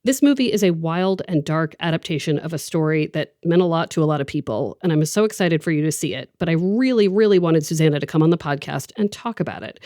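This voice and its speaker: A woman hosting a podcast, chatting enthusiastically with her guest and telling stories with lively asides. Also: deep voice, fast talker, few pauses, dry recording, studio quality. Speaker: podcast host. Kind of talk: conversational podcast interview.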